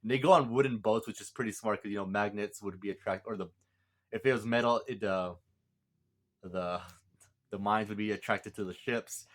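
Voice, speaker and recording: A man's voice: on the low side, moderate pace, a bit bright. A man casually reviewing a movie, rambling with lots of fillers and restarts. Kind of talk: casual film review vlog.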